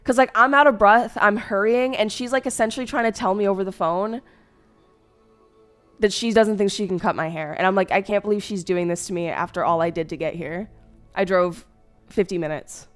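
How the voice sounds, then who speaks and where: A young woman streamer chats casually with her viewers. She tells a hurt, rambling story full of fillers and restarts. Her voice is smooth and clear at a middle pitch, with soft music playing faintly behind her. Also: brisk.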